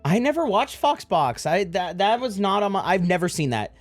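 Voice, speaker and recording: Streamer guy joking around, kinda high voice, dry close mic. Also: very animated, normal speed, no room sound, faint music behind. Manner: joking, crude, reacting to clips. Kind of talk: casual live-stream chat.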